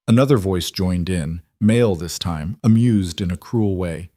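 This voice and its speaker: Male narrator, deep-ish and dry, measured dramatic audiobook delivery. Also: warm tone, no echo.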